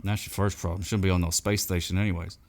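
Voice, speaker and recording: A man, chatting as a podcast guest in a rambling, folksy, deadpan way with deliberately broken grammar. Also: low-pitched. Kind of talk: deadpan comedic chat.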